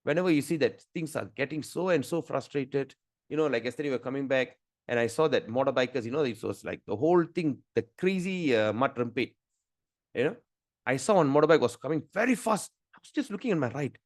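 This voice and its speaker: A man's voice: mid-range voice, expressive, brisk, no room sound. A middle-aged man teaching a scripture class over a video call, telling stories and often repeating and restarting his phrases. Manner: repeats words and restarts phrases, rambling storytelling. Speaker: spiritual teacher.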